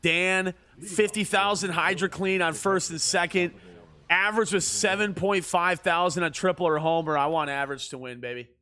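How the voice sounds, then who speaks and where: A man's voice: high voice, steady tone, normal speed, pushed and bright. A man streaming a baseball video game, joking and ribbing his chat in casual commentary. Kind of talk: casual livestream gaming commentary.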